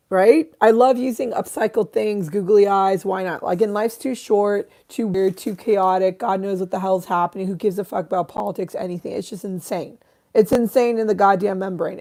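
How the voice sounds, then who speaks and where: A woman chats on her livestream in a loose, rambling way, jumping between thoughts and cursing casually. Her voice sits at a middle pitch with a mellow, dark tone. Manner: rambling, excitable, swears freely. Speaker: livestream host.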